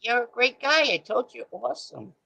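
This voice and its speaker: A man's voice: very high voice, big pitch swings, normal speed, vocal fry, lo-fi sound, over a noisy crowd. A man in his fifties calling in as a regular to a sports talk show, rambling and joking in a chatty way. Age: 50s. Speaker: regular caller. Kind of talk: casual call-in chat.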